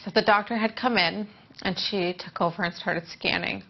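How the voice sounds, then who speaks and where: A woman telling her own story as a former surrogate, emotional and halting at times. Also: lowish voice, steady tone, vocal fry. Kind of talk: personal testimony. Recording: dull muffled audio.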